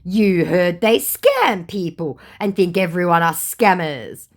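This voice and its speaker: A woman voicing a dim-witted, smug male online scammer with a slow, mocking drawl. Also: on the low side, very animated, voice pushed up, exaggerated voice.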